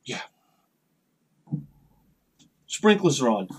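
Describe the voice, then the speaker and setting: A retro game host with a husky voice on the high side speaks at a normal pace. He rambles through a story for his casual vlog, animatedly playing out both halves of conversations in sudden bursts.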